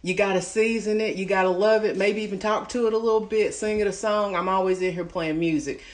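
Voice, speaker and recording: A woman's voice: medium pitch, steady tone, a little fast. A woman hosting a home cooking livestream from her kitchen, chatting in a folksy way and calling her listeners honey. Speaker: home cooking show host. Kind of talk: casual livestream chat.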